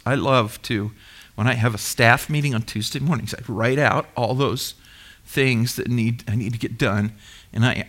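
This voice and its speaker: Animated, bright-voiced male preacher. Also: medium pitch. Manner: animated, emphatic preaching with call-and-response questions. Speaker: pastor. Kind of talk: sermon.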